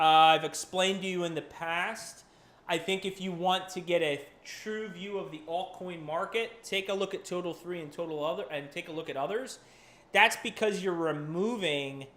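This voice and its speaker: A man's voice: fairly high pitch, fairly bright tone. A man hosting a live crypto chart show, talking casually with profanity, restarts and rambling asides. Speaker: crypto market analyst and channel host. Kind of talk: casual live market commentary.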